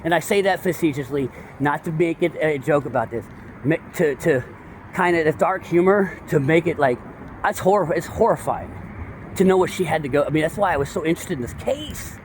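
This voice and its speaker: Excitable guy with a high voice, slangy rambling commentary, bit of street noise behind. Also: a little fast. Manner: slangy, excitable, digressive, full of "dude" and "bro". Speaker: true-crime commentator.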